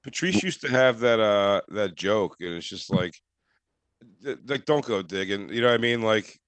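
Low-voiced rambling male co-host. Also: lively intonation, normal speed, fairly bright tone, clean tone, no echo. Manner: rambling, hesitant, lots of fillers. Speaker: podcast co-host. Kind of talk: casual chat.

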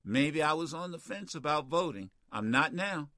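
A man hosts call-in radio, and he argues in a forceful, emphatic way, circling back over his points. His voice sits a bit high and swings widely in pitch. It is recorded close and dry in the studio. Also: lively intonation, moderate pace, dry recording. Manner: combative, emphatic, repeats himself. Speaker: radio talk show host.

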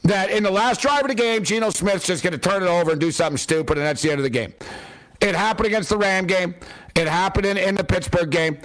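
A man with a high voice vents about football in a sarcastic, exasperated monologue. He talks bluntly and casually, like a fan commentator on his own show. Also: fast talker, a bit bright. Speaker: sports commentator. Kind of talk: opinionated sports rant.

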